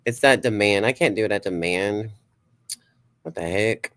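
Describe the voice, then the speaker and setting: A man with a lowish voice chats loosely on his livestream as a psychic host. He rambles and swears freely, laughs often and reads comments aloud. The sound is close and dry. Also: moderate pace, fairly bright tone, no echo. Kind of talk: casual livestream chat.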